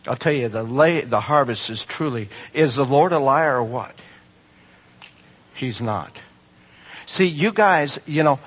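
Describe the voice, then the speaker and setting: A man preaching, telling testimony stories to a congregation, swinging from loud bursts to hushed lines. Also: mid-range voice, breathy edge. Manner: storytelling, animated with sudden loud bursts and hushed drops. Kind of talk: sermon testimony. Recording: dull lo-fi sermon recording.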